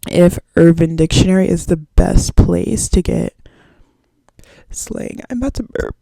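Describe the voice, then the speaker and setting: A woman's voice: fairly low pitch, measured pace, creaky, dark tone, no room sound. A woman in her twenties hosting a podcast solo, rambling in casual slang and swearing freely. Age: 20s. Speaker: podcast host.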